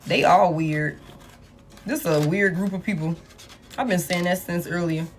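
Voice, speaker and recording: A woman, giving a live tarot reading in blunt, profane, animated street talk. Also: fairly low pitch, normal speed, soft background music. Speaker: tarot reader.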